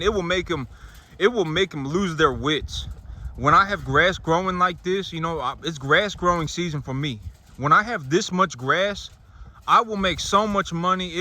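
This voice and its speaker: A man's voice: fairly high pitch, sharp tone. A man, a farmer, talking casually to the camera outdoors on his farm, rambling and restarting his sentences. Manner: rambling, repeats himself, restarts often. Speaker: farmer and vlogger.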